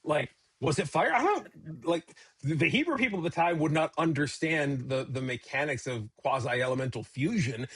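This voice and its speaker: A man, a pastor co-hosting a casual Bible discussion, talking in an animated, joking way and acting out quotes in a raised voice. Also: a little high, normal speed, husky. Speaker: pastor and podcast co-host.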